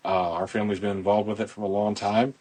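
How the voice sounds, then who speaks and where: A man's voice: fairly low pitch, little pitch movement, fast talker, darkish tone, husky. A middle-aged man hosting a casual podcast, talking outdoors into a phone in a rambling, folksy promotional way. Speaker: podcast host, boat club owner.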